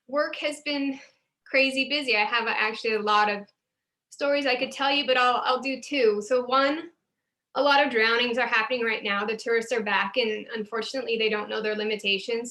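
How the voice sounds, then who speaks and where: Woman, paramedic, earnest, bright clear tone, slightly high, video call audio. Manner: earnest, emotional, with restarts. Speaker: paramedic supervisor, CPR teacher. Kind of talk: Zoom class sharing stories.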